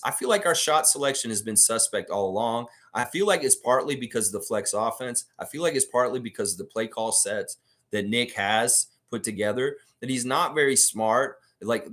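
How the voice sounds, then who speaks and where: A man's voice: mid-range voice, fairly bright tone. A man hosting a live fan stream, reading viewer comments aloud and reacting to them in casual commentary. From Canada.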